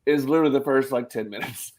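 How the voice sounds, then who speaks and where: A man's voice: medium pitch, fast talker. A man hosting a podcast in casual chat, laughing often and acting out what he said in other voices. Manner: animated, laughing, quotes himself in voices. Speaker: podcast host.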